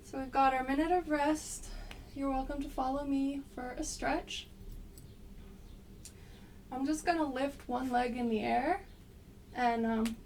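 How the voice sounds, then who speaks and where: A woman with a slight cold guiding an exercise class, giving gentle, unhurried cues with frequent pauses. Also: on the high side, gravelly, far from the mic, a little hiss or hum. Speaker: movement instructor.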